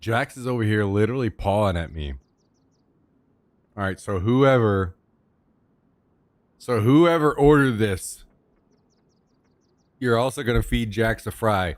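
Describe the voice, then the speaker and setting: A man's voice: lowish voice, lively intonation, unhurried, long pauses, dry recording. A young man streaming from home into a desk microphone, in a loose, joking manner that swears casually and chats with his viewers. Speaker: livestreamer. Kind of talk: casual live-stream chat.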